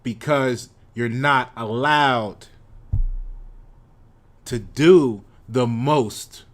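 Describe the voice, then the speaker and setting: Speaking very slowly in a mid-range voice, an American channel host delivers a combative lecture as monologue commentary. He hammers his points through repetition.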